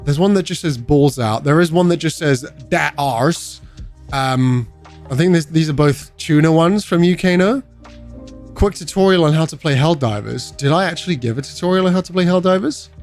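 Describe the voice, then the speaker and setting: A man's voice: fairly high pitch, moderate pace, darkish tone, faint music behind. A young British man chatting casually on a game livestream, joking and answering chat as he goes. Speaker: streamer.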